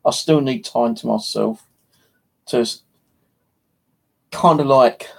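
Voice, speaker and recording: An English man rambles through a casual live stream, joking crudely as he goes. His voice is gravelly and a touch husky, with a slight lisp from missing teeth. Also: mid-range voice, slow pace, a little mellow. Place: home.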